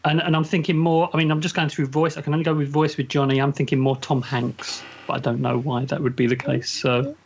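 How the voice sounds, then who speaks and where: A man's voice: a little high, flat delivery, brisk, vocal fry, hardly any pauses, husky, muffled recording. A man answering a quiz question in casual chat, hesitant and musing aloud. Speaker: quiz contestant.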